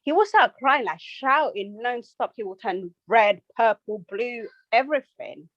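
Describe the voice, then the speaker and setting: Young mum guest, animated anecdotes, dry muffled podcast mic. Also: female voice, fairly high pitch, measured pace, dry recording. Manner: animated storytelling, quoting herself. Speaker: podcast guest, nurse and mother of two. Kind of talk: casual chat.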